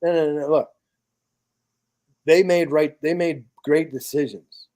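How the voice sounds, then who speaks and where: A man's voice: on the high side, fairly even intonation, unhurried, dark tone. A man in a podcast chat, bluntly telling a profane story about his charity work with veterans. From United States. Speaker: podcast guest, charity founder.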